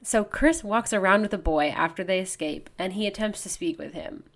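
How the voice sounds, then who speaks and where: A young woman co-hosting a podcast, casually recapping a novel and acting out the characters' lines as she goes. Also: mid-range voice. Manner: animated storyteller, acts out characters' lines. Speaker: podcast co-host.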